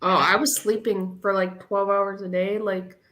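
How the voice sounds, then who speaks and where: A woman guesting on a podcast, chatting in a relaxed, low-key way. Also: a little slow. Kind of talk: casual chat.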